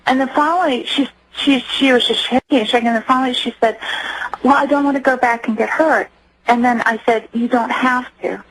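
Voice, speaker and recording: Husky-voiced woman telling a hard story. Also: a little high, fairly even intonation, fairly bright tone, low-quality recording. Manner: earnest, halting, with frequent restarts. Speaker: radio interview guest. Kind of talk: personal testimony in a radio interview.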